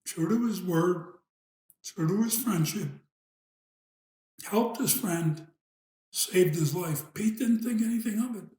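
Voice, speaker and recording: Slow-talking man telling a family story. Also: high voice, dark tone. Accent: New York. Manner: unhurried, with long pauses and trailing asides. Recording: echoey room.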